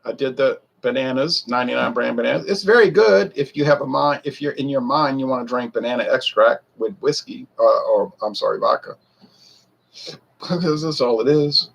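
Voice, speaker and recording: Gravelly husky man rambling to viewers. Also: medium pitch, moderate pace. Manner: rambling, defensive, talks straight to viewers. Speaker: whiskey reviewer. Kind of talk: casual talk to camera.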